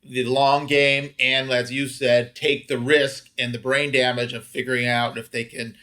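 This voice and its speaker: A man's voice: mid-range voice, level tone, unhurried, sharp tone. A man hosting a podcast, explaining points plainly in casual chat. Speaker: podcast host.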